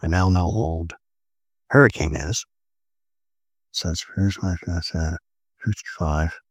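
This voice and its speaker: A man hosting a casual chat, asking quick teasing questions. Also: low-pitched, husky, dry recording.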